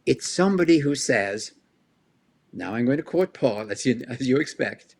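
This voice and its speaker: A male scholar answers an interview question in an animated lecturing way. He fires off rhetorical questions and chuckles between points. His voice sits at an ordinary pitch for a man. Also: moderate pace, creaky. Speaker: guest scholar.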